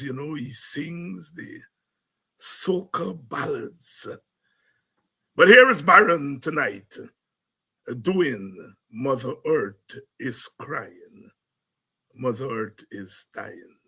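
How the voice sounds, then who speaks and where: A man hosting a talk show who breaks into excited shouts and scatting between serious comments. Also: on the high side, breathy edge. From Caribbean. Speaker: host and lecturer.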